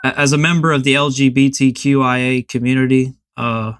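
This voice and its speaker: A man's voice: mid-range voice, little pitch movement, fairly quick, fairly bright tone, clean tone. A man hosting a podcast, chatting casually in a rambling, hesitant way. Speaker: podcast host.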